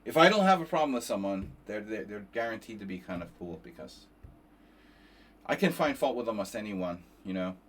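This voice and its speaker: A man's voice: on the low side, lively intonation, fairly quick, a bit bright, a little hiss or hum. A tired man chatting casually on a chess stream, rambling and cursing, with many restarts.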